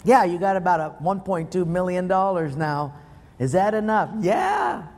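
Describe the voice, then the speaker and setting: A man's voice: high-pitched, normal speed, a little mellow, in a large hall. A man preaching a sermon, telling stories in a punchy, playful way. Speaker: pastor.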